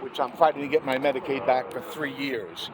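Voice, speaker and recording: A man's voice: mid-range voice, steady tone, fairly quick. Angry older man. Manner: angry, rambling, repeats "what happens is this"; frequent throat clearing. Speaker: vlogger. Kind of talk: ranting monologue. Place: outdoors by a street. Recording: outdoor street noise.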